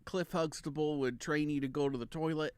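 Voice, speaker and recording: A man as a podcast guest, chatting playfully and tossing in quick quips. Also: a little high, steady tone, darkish tone, clear, resonant tone, dry recording, studio quality. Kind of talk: casual chat.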